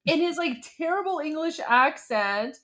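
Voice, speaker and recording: A woman hosting a casual commentary chat, animated and full of exclamations. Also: sits high, measured pace. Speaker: host.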